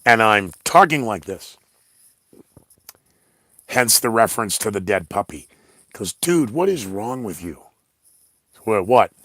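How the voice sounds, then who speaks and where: A man's voice: lowish voice, lively intonation, slow pace, long pauses, a bit bright, no room sound. Rambling blunt male podcaster, dry sound. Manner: rambling, blunt, sarcastic asides. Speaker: podcast host. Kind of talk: rambling solo podcast monologue.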